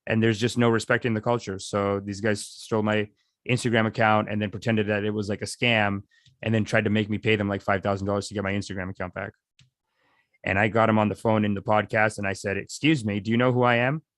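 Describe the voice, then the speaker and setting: A man's voice: fairly low pitch, level tone, quick pace, fairly bright tone, dry recording, clean studio sound. A man leading a live meditation session, talking in a rambling, casual way and reading viewer comments aloud. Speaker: meditation teacher. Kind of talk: casual livestream meditation talk.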